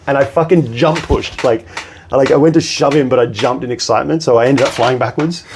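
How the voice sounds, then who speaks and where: Talking fast in a medium-pitched voice against slight background noise, a bartender guest on a podcast shares animated stories in a casual chat. He swears and acts out the people he quotes.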